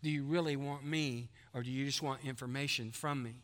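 A man's voice: mid-range voice, fairly even intonation, brisk, fairly bright tone. A man, preaching a folksy sermon as pastor of his church. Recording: long hall reverb.

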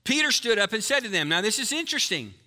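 Bright-voiced guy preaching, high and punchy, keeps asking the crowd stuff, speeds up then slows way down. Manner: animated, quizzes the congregation, swings between fast and slow emphasis. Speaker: pastor. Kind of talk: sermon. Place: church before a live congregation.

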